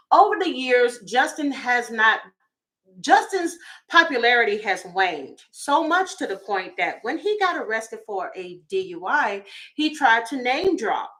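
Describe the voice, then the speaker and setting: Bright-voiced woman chatting gossip. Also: a little high. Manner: chatty, goofy, addresses viewers as y'all. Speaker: tarot reader. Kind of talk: casual celebrity gossip commentary.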